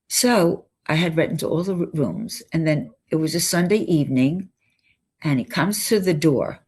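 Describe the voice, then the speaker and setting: An older woman with a low-pitched voice tells her stories with animation. She slips into the voices of the people she quotes and restarts her sentences often as she goes. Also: breathy edge. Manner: animated, acts out dialogue, lots of restarts. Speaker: interview guest. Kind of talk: storytelling in conversation.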